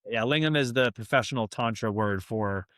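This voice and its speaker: A man's voice: mid-range voice, moderate pace, a bit bright, dry recording, studio quality. A young man from Massachusetts, a podcast guest, telling a candid story in casual chat and acting out the quoted lines.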